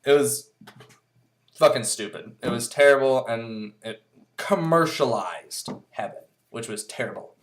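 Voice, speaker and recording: A man vlogging in a casual monologue, rambling and blunt, swearing freely and filling pauses with "uh" and "um". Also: mid-range voice. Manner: rambling, blunt and profane, with many fillers.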